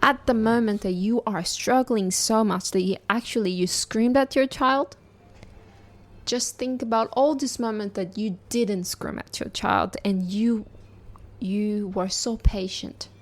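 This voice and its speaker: Woman podcast host, mid pitch, earnest and encouraging tone, talks straight to the listener. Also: unhurried. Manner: earnest, reassuring, speaks directly to listeners.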